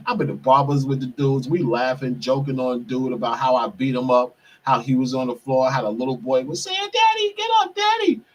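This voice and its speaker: A man's voice: mid-range voice, flat delivery, moderate pace. A man hosting a podcast, telling a heated personal story, profane and repeatedly calling out to his listeners as "people". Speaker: podcast host. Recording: distant mic, husky sound.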